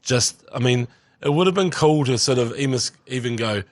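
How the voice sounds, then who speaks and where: A man with a New Zealand accent co-hosting a casual podcast chat, sweary and animated. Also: medium pitch, moderate pace, no echo, studio quality. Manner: sweary, animated, jokes in put-on voices. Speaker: podcast co-host.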